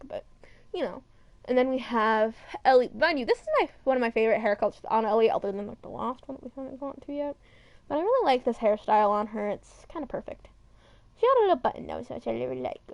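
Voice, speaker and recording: High-voiced chatty young woman streamer. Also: gravelly, no echo, lo-fi sound. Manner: chatty, rambling, swears casually. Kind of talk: casual chat over a model viewer.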